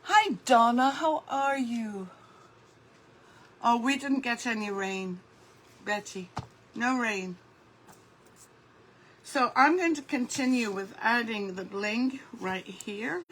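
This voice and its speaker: A woman's voice: fairly high pitch, slow pace, long pauses, a bit bright, low-quality recording. A woman hosting a casual craft livestream, chatting and greeting viewers by name as she works. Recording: faint background noise.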